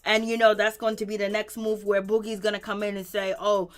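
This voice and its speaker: A woman's voice: mid-range voice, little pitch movement, fairly quick. A woman hosting a casual reality TV recap, chatty and slangy, with frequent laughs and exclamations. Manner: chatty, slangy, laughs often, exclaims "Lord have mercy". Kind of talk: casual live commentary.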